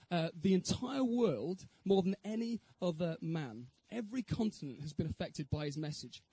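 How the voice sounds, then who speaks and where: At an evening Christian evangelistic talk, a man shares his personal testimony and earnestly poses rhetorical questions to his listeners. His voice is high but mellow, with a husky edge. The low-quality recording is dry and close, with no room sound.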